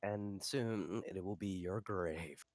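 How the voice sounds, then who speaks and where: Very deep-voiced man playing a tabletop game. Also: slow pace, darkish tone, no room sound, clean studio sound. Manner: gruff and threatening when in character. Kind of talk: casual in-character play.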